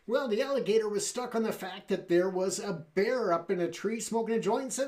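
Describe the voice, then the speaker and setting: A man's voice: high-pitched, moderate pace, hardly any pauses, a little mellow. A man hosting a talk show, speaking conversationally with fillers and friendly asides to the audience. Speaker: show host. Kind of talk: casual talk show monologue.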